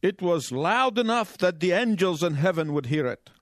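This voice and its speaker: A man preaching a sermon in measured, emphatic phrases, pausing for his interpreter. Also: sits high, expressive, fairly bright tone, no echo, studio quality.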